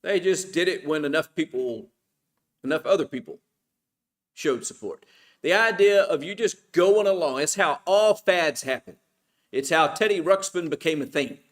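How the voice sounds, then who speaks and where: A middle-aged man with a fairly high voice leads a Bible study class at church. His teaching is informal and conversational, and he keeps asking the class questions that he then answers himself. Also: animated, normal speed, a bit bright.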